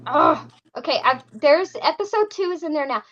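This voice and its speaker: A woman co-hosting a casual chat, telling stories in an animated way and swearing freely. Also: high voice, moderate pace, dull audio, slight background noise. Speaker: podcast co-host.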